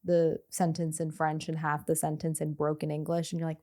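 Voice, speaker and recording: A woman from New Orleans with a light New Orleans accent, a chatty, animated storyteller in a casual podcast chat. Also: sits low, a little fast. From New Orleans, Louisiana. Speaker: guest actress.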